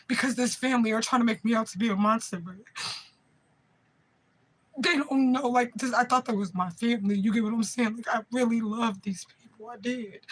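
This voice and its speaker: A spiritual medium around forty, with a fairly high-pitched voice, vents in an emotional vlog aimed straight at the camera. She rambles, curses freely and frequently asks if listeners follow her. The audio quality is poor.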